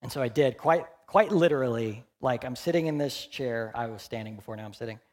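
A man in his forties, a pastor preaching a candid, conversational sermon that swings between loud emphasis and hushed, quiet moments. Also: mid-range voice, a little fast. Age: 40s.

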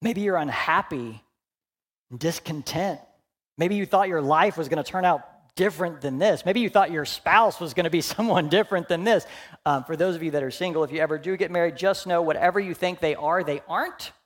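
A young adult male pastor preaching a sermon, animated and humorous, then dropping to hushed, earnest asides. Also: a little high, brisk.

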